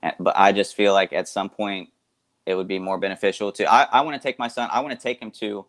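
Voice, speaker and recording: Rambling, low-voiced male co-host. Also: fairly even intonation, fairly bright tone. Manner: rambling, halting, restarts often. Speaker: guest co-host. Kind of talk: casual chat.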